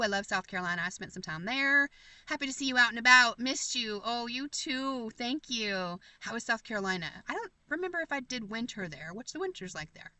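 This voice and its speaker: A woman's voice: on the high side, sharp tone, no echo. An American woman hosting a casual livestream, chatting and reading viewer comments in a rambling, effusive way. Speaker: livestream host.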